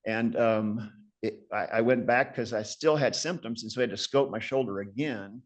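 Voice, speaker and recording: A man's voice: fairly low pitch, normal speed. A man in his sixties giving a conversational lecture as a guest surgeon, telling stories in a self-deprecating, reflective way.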